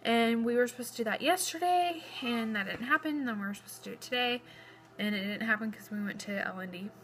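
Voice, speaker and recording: A woman's voice: on the high side, quick pace, fairly bright tone. A young woman, heavily pregnant and a bit out of breath, chatting in a rambling vlog update at home with many fillers. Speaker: vlogger. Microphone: phone camera close up.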